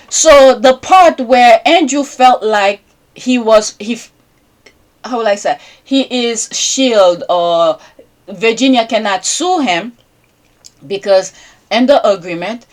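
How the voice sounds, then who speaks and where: A woman's voice: a little high, expressive, slow pace. A woman hosting a podcast, talking in a rambling casual monologue and checking in with listeners by asking "okay?" again and again. English is not her first language. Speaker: podcast host.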